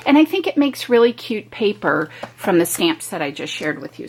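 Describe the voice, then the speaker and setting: A woman's voice: mid-range voice, a little hiss or hum, rough recording. Chatty woman demoing a craft project. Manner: chatty, self-interrupting, homey asides. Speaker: crafting video host. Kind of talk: casual step-by-step craft demo. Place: home craft room.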